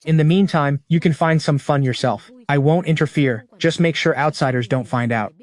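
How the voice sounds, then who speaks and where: A man's voice: fairly high pitch, moderate pace, natural voice. A man voicing an aloof, arrogant young crown prince who talks in a cool, dismissive way.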